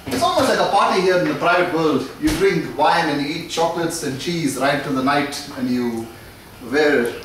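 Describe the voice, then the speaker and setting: This man's voice is high and a bit bright, with slight background noise. Indoors in an office suite, he jokingly shows viewers around and tells a long funny story, laughing at his own jokes, with the camera at a distance in a very echoey room.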